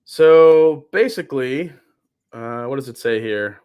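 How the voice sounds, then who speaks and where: A man's voice: mid-range voice, expressive, slow, a little mellow, clear, resonant tone. A young adult man hosting a live whiskey stream, chatting casually, groaning and cussing at what he tastes. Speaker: whiskey livestream host.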